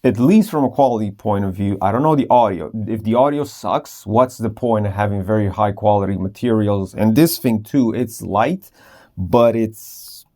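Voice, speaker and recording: Tired rambling man, mellow voice. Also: lowish voice, normal speed. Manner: rambling, self-interrupting, sometimes whispering. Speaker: vlogger testing a microphone. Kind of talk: rambling casual vlog. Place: at home, late at night. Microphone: small wireless clip-on mic.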